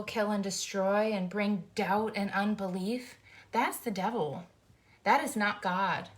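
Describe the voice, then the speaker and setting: A middle-aged woman speaks with earnest, fired-up emotion, hosting her own faith-based vlog. She urges listeners on in a heartfelt, personal way, as if talking straight to a friend. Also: mid-range voice. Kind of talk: heartfelt encouraging talk. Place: indoors, folding t-shirts.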